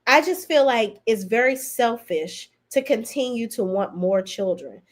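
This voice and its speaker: A woman's voice: a little high, lively intonation, measured pace. A woman hosting a podcast, giving a casual, blunt and sassy recap of a reality show in slangy talk. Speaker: podcast host reviewing reality TV. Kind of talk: casual opinionated recap commentary.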